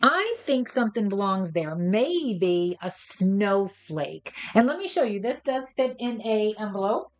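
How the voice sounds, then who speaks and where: A woman's voice: medium pitch, big pitch swings, unhurried, hardly any pauses. Chatty woman demonstrating a card craft. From United States. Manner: chatty and playful, talks to viewers, chuckles at herself. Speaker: craft tutorial host. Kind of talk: casual step-by-step craft demonstration.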